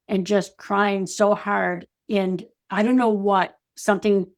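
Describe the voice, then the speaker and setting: A woman speaking as an interview guest, telling a personal story in a reflective, halting way with many "you know" and "like" fillers. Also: medium pitch, little pitch movement. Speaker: intuitive guide and energy advisor, guest.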